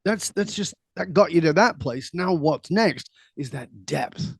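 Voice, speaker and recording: Middle-aged man, interview guest, slightly high voice, animated storytelling, dry close sound. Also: gravelly, husky, no echo. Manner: animated, laughs easily, quick asides. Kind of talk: conversational storytelling.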